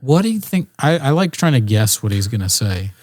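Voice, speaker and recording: A man's voice: mid-range voice, sing-song, fairly quick, a little mellow, no echo, clean studio sound. A man co-hosting a casual reaction chat, laid-back and jokey, often laughing. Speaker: co-host.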